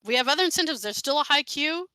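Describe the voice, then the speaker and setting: A woman's voice: sits high, expressive, fast, pushed and bright, no echo. A woman commentating a charity game stream in a giggly, chatty way, on a headset mic.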